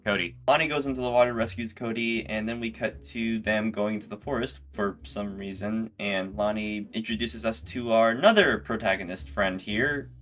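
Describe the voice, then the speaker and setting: A man's voice: fairly low pitch, fairly even intonation, normal speed, few pauses, a bit bright, faint music behind. A young man giving a casual, sarcastic movie recap, rambling and stumbling over his words. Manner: sarcastic, rambling, with stammered restarts. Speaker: video creator.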